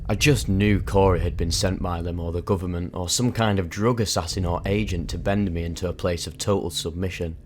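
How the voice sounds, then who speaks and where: A man's voice: deep voice, steady tone, brisk, hardly any pauses, a little hiss or hum. A man narrating a harrowing personal experience in vivid, intense, emphatic storytelling. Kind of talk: dramatic first-person storytelling.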